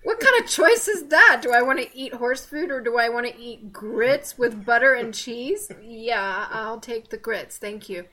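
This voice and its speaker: A woman's voice: on the high side, fairly even intonation, a little slow, hardly any pauses, fairly bright tone. Chatty Southern woman. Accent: Southern American. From Southern United States. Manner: chatty and digressive, with teasing asides and laughter. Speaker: podcast co-host. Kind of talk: casual faith podcast chat.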